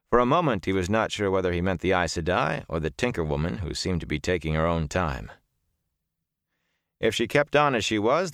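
A man narrating a fantasy audiobook in a measured, steady storytelling manner. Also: low-pitched, dry recording, studio quality.

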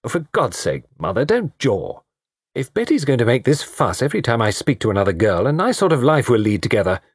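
A man's voice: mid-range voice, sing-song, fairly quick, slightly rough, no echo, studio quality, voice pushed up. A man doing a petulant young man. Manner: brash and impatient. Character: petulant, infatuated young Englishman.

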